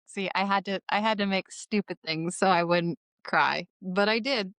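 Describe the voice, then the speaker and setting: Emotional and nearly crying, a woman co-hosts a podcast recap of a comic chapter, swearing irreverently and laughing through her tears. She speaks at normal speed in a medium pitch, her tone a bit bright and smooth, in a dry recording.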